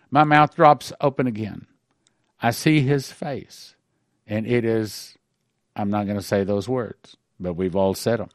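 A man's voice: medium pitch, no echo, clean studio sound. A middle-aged male pastor reading a dream aloud and breaking in with earnest, emphatic sermon commentary and warnings.

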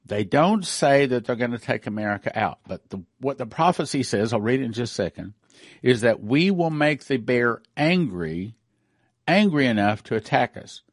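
A man's voice: medium pitch, animated, normal speed, no echo, studio quality. A middle-aged man giving emphatic news commentary with a prophetic bent, repeating and rereading his points.

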